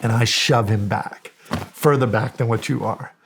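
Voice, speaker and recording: A man's voice: medium pitch, normal speed, gravelly, slight background noise. A middle-aged American man telling a story in a podcast interview, acting out the quoted dialogue with animation. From United States. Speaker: guest, county sheriff.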